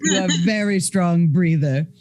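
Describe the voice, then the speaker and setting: Joking man player, higher voice. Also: moderate pace, darkish tone. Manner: joking, teasing.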